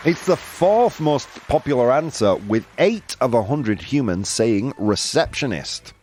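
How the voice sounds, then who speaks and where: A man's voice: mid-range voice, expressive, a little slow, darkish tone, a faint crowd, slight background noise. A man hosting a live quiz game with his audience, reading out their answers in a playful way and laughing often. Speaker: host. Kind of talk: live-stream game show with chat.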